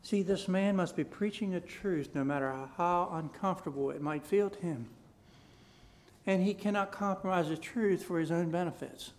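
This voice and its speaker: A man preaching from the pulpit in a voice pitched a little above the usual. He reads scripture in a rising, forceful cadence, then drops into quiet, low asides before building back to loud, repeated declarations. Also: moderate pace. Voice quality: King James scripture read aloud in a rising, forceful cadence. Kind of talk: sermon with scripture reading.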